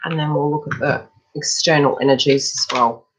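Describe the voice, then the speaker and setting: A woman's voice: low-pitched, fairly even intonation, moderate pace, husky, poor audio. A woman giving a casual, chatty live tarot reading. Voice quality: chatty, breaks off to talk to people nearby. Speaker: psychic tarot reader.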